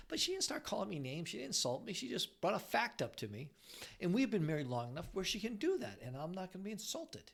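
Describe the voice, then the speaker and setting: Animated middle-aged man giving relationship advice. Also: high-pitched, quick pace, creaky. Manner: rambling, frequent restarts, animated. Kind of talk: casual advice talk.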